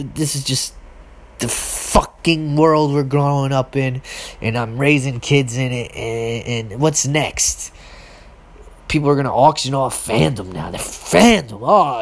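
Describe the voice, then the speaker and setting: A woman hosting her own podcast, delivering a heated, exasperated solo rant with profanity and sudden high outbursts. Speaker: podcast host. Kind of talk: solo ranting monologue.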